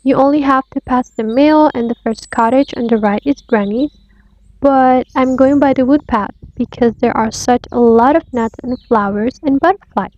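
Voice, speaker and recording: A woman's voice: high voice, normal speed, a little mellow, close to an everyday voice. A woman voicing an innocent little girl in a red hood in a storybook, eager and wide-eyed. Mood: cheerful. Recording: dull lo-fi audio.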